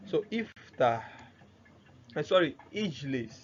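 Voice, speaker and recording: A man teaching Arabic grammar in a recorded lesson, often asking rhetorical questions and repeating words slowly. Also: fairly high pitch, sing-song. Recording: dull lo-fi recording with faint noise.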